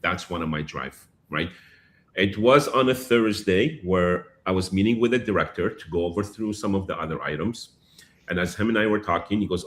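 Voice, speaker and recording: A man being interviewed, telling a personal story in a lively way and acting out what people said. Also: fairly low pitch, moderate pace, slight background noise. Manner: animated, acts out dialogue, repeats phrases. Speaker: guest.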